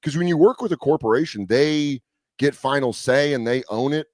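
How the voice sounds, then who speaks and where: Swearing, animated male comedian telling stories. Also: medium pitch, normal speed, no echo. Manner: animated storyteller who acts out quoted voices, swears freely. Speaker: comedian guest. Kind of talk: casual storytelling chat.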